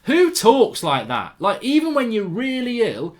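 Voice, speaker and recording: A man's voice: very high voice, wildly swooping pitch, measured pace. A middle-aged man from England hosting a casual chat, rambling and swearing as he tells stories and mimics feeble sick-day voices. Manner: rambling, swearing, puts on mock weak voices. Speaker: host.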